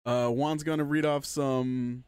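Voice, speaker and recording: A man's voice: medium pitch, steady tone, a little slow, a little mellow, clear, resonant tone, no room sound, clean studio sound. A man co-hosting a casual podcast on a headset, bantering, laughing and swearing freely. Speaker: podcast co-host.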